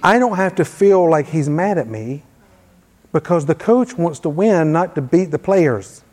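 A man's voice: on the high side, animated, a little slow, darkish tone. A man preaching a sermon in a conversational way, reading scripture aloud with emphasis in a church hall. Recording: long hall reverb.

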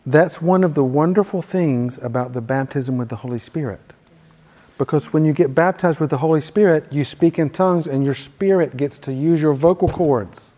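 A man preaching a sermon, leading the room in call-and-response prayer with forceful commands. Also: on the high side, moderate pace. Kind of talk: sermon teaching. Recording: long hall reverb.

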